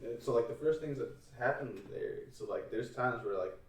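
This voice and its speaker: A man's voice: medium pitch, moderate pace, recorded from a distance. A man rambles through a story in casual podcast chat, cursing freely and laughing along the way. His voice sits in the middle range. He is set back from the mic in an echoing room. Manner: rambling storytelling, swears often, laughs a lot. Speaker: podcast host. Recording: roomy, off-mic sound.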